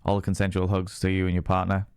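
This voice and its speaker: A man's voice: low-pitched, completely flat delivery, fast, a little mellow, a little hiss or hum. A man streaming a horror game, reading notes aloud, swearing and thanking viewers. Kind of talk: casual live gameplay commentary.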